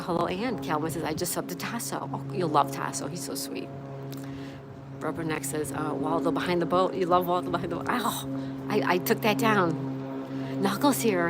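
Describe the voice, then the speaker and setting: A woman hosting a casual livestream, reading her viewers' comments aloud and answering each one in a chatty way. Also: deep voice. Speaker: livestream host. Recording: clear background noise.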